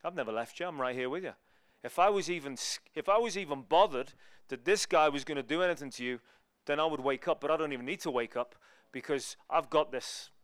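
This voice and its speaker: A man giving a sermon as a guest preacher, telling lively stories and acting out the people in them. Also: fairly high pitch, a little fast, smooth, dry recording. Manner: animated, acts out people in his stories. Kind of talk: storytelling sermon.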